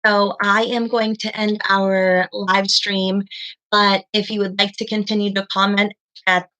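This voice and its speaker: A young woman teaching a second grade class over a live stream, praising students warmly and spelling things out slowly. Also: medium pitch, flat delivery. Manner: encouraging, slow and deliberate with children.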